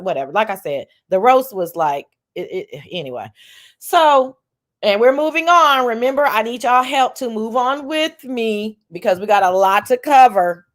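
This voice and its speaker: A woman hosting a livestream, giving profane, animated commentary, reading viewer messages. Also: mid-range voice. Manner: animated, profane, reads chat aloud. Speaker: livestream host. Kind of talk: casual commentary chat.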